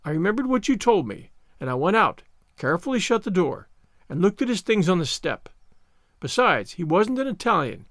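A man's voice: high voice, big pitch swings, moderate pace, a bit bright, no echo, studio quality. A man voicing a dramatic, wordy young girl in a storybook reading, pleading in a theatrical manner. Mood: earnest. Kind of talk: audiobook character reading.

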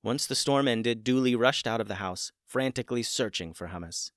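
A man narrating a children's story in a gentle storytelling manner, building the excitement through its dramatic parts. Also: mid-range voice, normal speed, dry recording, studio quality. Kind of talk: scripted narration.

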